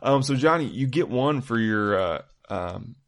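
A man's voice: medium pitch, lively intonation, measured pace. A young man co-hosting a podcast, trading playful jokes in casual banter. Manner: joking, playful. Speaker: podcast co-host.

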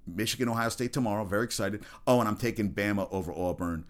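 A man's voice: on the low side, fast. A man hosting his own sports show in a casual, rambling rant, blunt and profane, with faint music behind.

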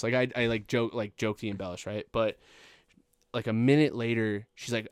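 A man's voice: mid-range voice, normal speed, clean tone, no echo, studio quality. A young man in his twenties telling a long, rambling, profane story in casual chat and laughing at it.

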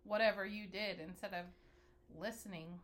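A woman's voice: mid-range voice, steady tone, normal speed. A woman co-hosting a casual chat, adding short, frank remarks with some swearing.

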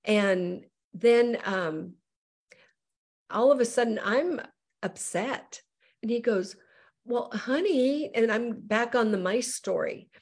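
Woman middle-aged evangelist, higher voice, animated testimony storyteller. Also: slow pace. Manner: animated, acts out quoted voices. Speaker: evangelist guest.

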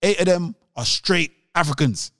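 A man co-hosting a casual podcast, arguing in an animated way, repeating himself and laughing. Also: fairly high pitch, normal speed, no echo, studio quality. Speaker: podcast co-host.

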